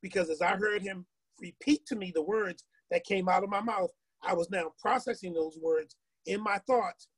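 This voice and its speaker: A man's voice: high voice, normal speed, breathy edge, no room sound, low-quality recording. A middle-aged man telling a personal story in casual talk, earnest and emphatic, often repeating himself. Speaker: guest on a group call.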